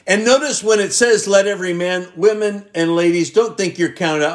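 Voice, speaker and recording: A man preaching a sermon as pastor, reading scripture aloud and stretching key words out with long pauses for emphasis. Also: sits high. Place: church.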